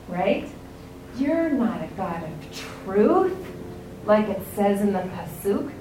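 A woman's voice: medium pitch, big pitch swings, slow, mellow, a little hiss or hum. American woman teaching from a distance. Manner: conversational, keeps checking in with "right?". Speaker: religious teacher. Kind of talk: classroom text lesson. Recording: roomy, distant mic, faint ambience.

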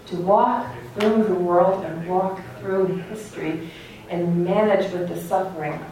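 A woman's voice: fairly low pitch, steady tone, a little slow, a little mellow, recorded from a distance. A middle-aged woman teaching a religious class, earnest and full of storytelling. Her voice carries in a very echoey hall and sounds set back from the microphone. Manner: earnest, storytelling, laughs at own anecdote. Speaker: Torah teacher. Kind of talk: religious lecture. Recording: echoey hall, speaker away from mic.

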